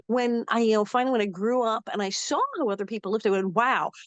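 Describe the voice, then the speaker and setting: Animated older woman telling stories. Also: a little high, dry recording, muffled recording. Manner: lively anecdotes with quick acted-out quotes and laughs. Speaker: interview guest, actress. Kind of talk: animated storytelling interview.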